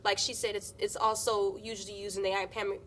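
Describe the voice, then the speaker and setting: Young female student actor, mid-pitched, casual and chatty, faint room noise. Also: level tone, a little fast, a bit bright. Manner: casual, informal phrasing. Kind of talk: casual explanation.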